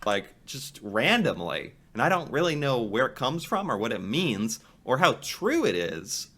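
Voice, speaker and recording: Man, casual reaction commentator, bright tone, animated musing delivery. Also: medium pitch, moderate pace. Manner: musing, thinks aloud with restarts. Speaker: reaction video creator.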